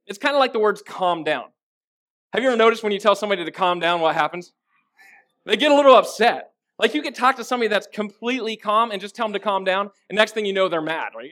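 A male pastor delivers a sermon in a relaxed, conversational manner. He often checks in with his listeners through rhetorical questions. His voice sits quite high for a man. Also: fast.

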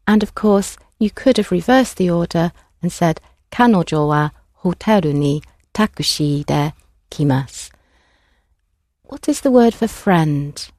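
A woman language teacher who talks her class through each sentence with clear, patient prompts. Her voice sits slightly low and sounds mellow, and the recording is dry and close. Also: lively intonation, measured pace, no echo. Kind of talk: classroom instruction.

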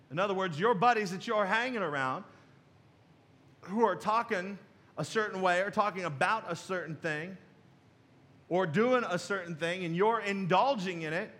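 A man's voice: high-pitched, pushed and bright. A man in his forties preaching a sermon as pastor, telling folksy stories with chuckles and asides to the congregation. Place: church sanctuary.

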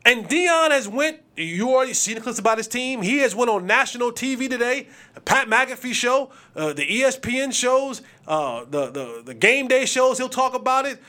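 Animated bright-voiced man giving sports opinions. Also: very high-pitched, moderate pace, few pauses. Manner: animated, preachy, acts out quotes. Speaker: sports podcast host.

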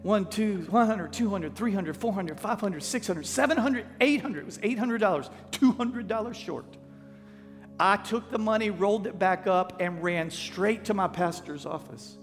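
High-voiced pastor in a hall. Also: male voice, moderate pace. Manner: folksy, animated, acts out quotes. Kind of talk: storytelling sermon. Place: church sanctuary. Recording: long church hall reverb with faint music.

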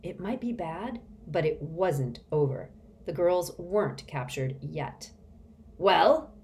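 A woman narrating an audiobook in a measured, expressive storytelling manner. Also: low-pitched, a little hiss or hum.

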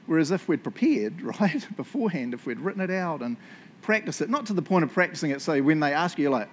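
A man's voice: on the high side, expressive, quick pace, slight background noise. A man, a youth church leader giving a casual, chatty teaching talk full of asides and fillers.

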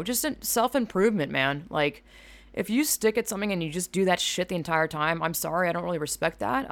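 Rambling, gravelly-voiced woman. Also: sits low. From Georgia, US. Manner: rambling, profane, self-mocking; animated and loud. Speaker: podcast host. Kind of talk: casual solo podcast monologue.

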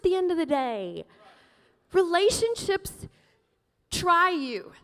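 A woman's voice: extremely high pitch, slow pace, long pauses. Lady pastor giving a sermon, emotional and laughy, big echoey church sound. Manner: emotional, laughing often, animated storytelling. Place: church sanctuary.

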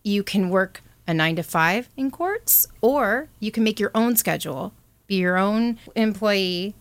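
A woman's voice: medium pitch, expressive, a little slow, no room sound. A woman speaking as a college representative in an interview, enthusiastic and upbeat. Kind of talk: promotional interview.

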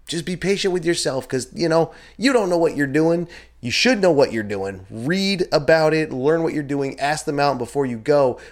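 A man hosting a podcast in a casual, rambling monologue, cursing now and then and jumping up in pitch when he gets worked up. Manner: chatty and rambling, swears freely, animated pitch jumps. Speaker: podcast host. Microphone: filmed talking to a camera with a monitor.

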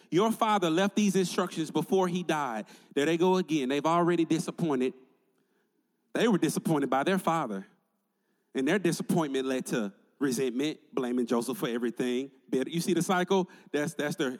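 A man's voice: a little high, long reverb tail. A male pastor preaching a sermon in an emphatic, conversational way, building points through repetition.

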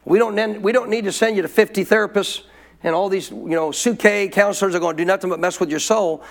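A man's voice: high-pitched, quick pace. A man preaching a sermon in an emphatic way, repeating his points and calling for amens from the congregation.

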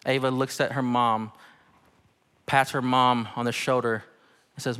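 A young adult man, a pastor, giving a conversational, animated sermon in a church. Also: medium pitch, unhurried, smooth, long reverb tail. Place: church sanctuary.

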